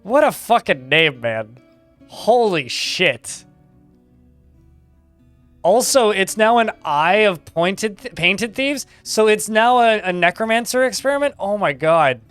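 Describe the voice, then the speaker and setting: Animated chatty man streaming a game. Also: sits high, slow, clean tone, dry recording, faint music behind. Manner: chatty, reads game text aloud, swears casually. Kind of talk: live gameplay commentary.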